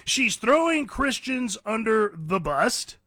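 A man's voice: sits high, big pitch swings, slow, sharp tone, no room sound. A man hosting talk radio, ranting bluntly and combatively in an opinionated monologue from a radio studio.

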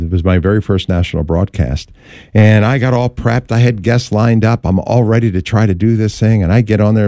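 Guy radio host, animated storyteller, dry close sound. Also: lowish voice, no echo. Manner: animated anecdotal storyteller, acts out quotes. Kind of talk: casual storytelling interview.

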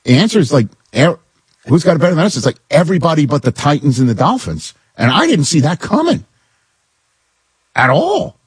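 A man hosting a sports talk show, giving opinions in an animated, incredulous way as he riffs with his co-hosts. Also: on the high side, fairly quick, breathy edge, no echo, clean studio sound.

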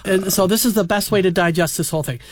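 A man hosting a radio show about old clips, chatty and quick to laugh. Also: sits high, dry recording. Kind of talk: casual radio chat.

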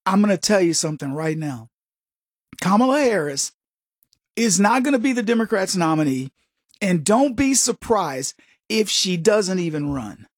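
A man hosting a talk radio show, telling personal stories and giving opinions in a rambling, animated way. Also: sits high, no echo, clean studio sound. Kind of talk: casual talk radio monologue.

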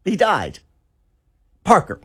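A man's voice: slow, breathy edge, dry recording, clean studio sound. A middle-aged man co-hosting morning talk radio, chatty and reminiscing. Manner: chatty, reminiscing, animated pitch swings. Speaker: radio show co-host. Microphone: studio mic.

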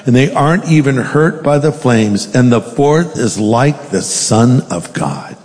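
A man's voice: mid-range voice, lively intonation, a little slow, few pauses, a little mellow, long reverb tail. A male pastor preaching a sermon, reading scripture aloud with dramatic emphasis and then speaking directly to the congregation.

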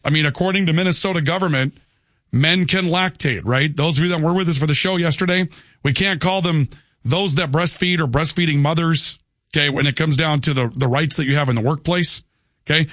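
A man's voice: fairly high pitch, brisk, fairly bright tone, no room sound, clean studio sound. A man hosting a call-in radio talk show, talking conversationally and often tossing in "okay". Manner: conversational, peppers lines with "okay". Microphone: studio microphone.

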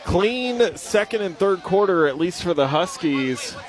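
A man calling a high school football game live, lively and joking, reading sponsor spots between plays. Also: unhurried, a faint crowd. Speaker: play-by-play announcer.

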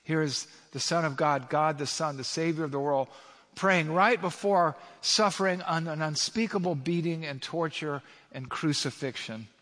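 A man preaching in a church, pressing his points hard and firing rhetorical questions at the congregation. His voice sits a little high for a man. The sound rings out with a long reverb, as in a large sanctuary. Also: normal speed, fairly bright tone. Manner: emphatic, asks the audience rhetorical questions. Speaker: pastor. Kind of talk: sermon.

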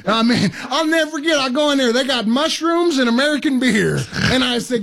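Man, very high voice, gravelly, blunt joking co-host, casual banter. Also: moderate pace, a bit bright.

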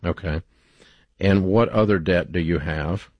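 A man's voice: low-pitched, measured pace, darkish tone, no room sound. A man hosting a call-in radio show, folksy and direct.

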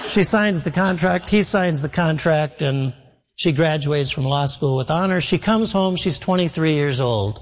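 A man's voice: on the high side, unhurried, slight background noise. A male pastor preaching a sermon, telling a story with emphatic repetition, with long reverb from a large hall.

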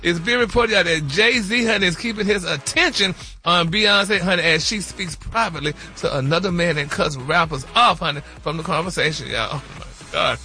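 A man's voice: sits high, normal speed, few pauses, pushed and bright, faint music behind. A man hosting a playful gossip segment, calling everyone honey and baby. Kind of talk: playful radio show banter.

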